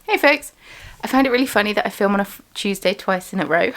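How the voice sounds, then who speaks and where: A woman's voice: mid-range voice, expressive, fast, hardly any pauses, fairly bright tone. A woman running a small craft business, talking in a chatty, rambling way with lots of ums in a casual vlog. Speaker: small business owner and vlogger.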